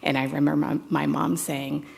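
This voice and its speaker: Low, gravelly woman giving a eulogy. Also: level tone, a little mellow. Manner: conversational and halting, with fond, wry asides. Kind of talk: memorial eulogy.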